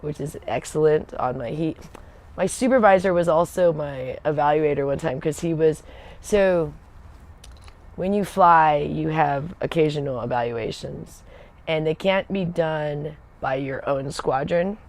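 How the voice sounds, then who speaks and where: A woman's voice: deep voice, unhurried, darkish tone. Rambling woman telling a casual story. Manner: rambling and digressive, loses her thread and laughs often. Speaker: Air Force veteran telling stories on a livestream.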